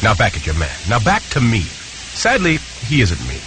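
A suave, smooth male pitchman in a TV commercial, with a lowish voice that dips and rises dramatically. His delivery is slow and flirtatious. Clear background noise runs under the clip. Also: wildly swooping pitch. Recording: noisy clip with outdoor ambience.

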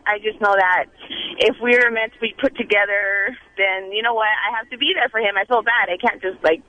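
A woman's voice: medium pitch, fairly even intonation, a little fast, pushed and bright, lo-fi sound. A woman calling in to a radio show, rambling through a personal story and laughing as she talks. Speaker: caller. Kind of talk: confessional call-in chat.

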